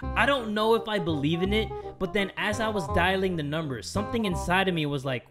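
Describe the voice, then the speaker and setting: A young man vlogging with a slightly high, crude, joking voice. He talks loud and casual, with music playing behind him. He is from Southern California. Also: a little fast. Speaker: YouTuber. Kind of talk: casual vlog chat.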